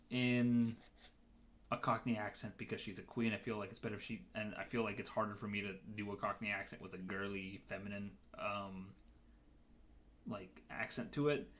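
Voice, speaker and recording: Rambling, hesitant man streamer. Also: mid-range voice. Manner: rambling, hesitant, full of restarts. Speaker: streamer and dungeon master. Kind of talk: casual stream chat.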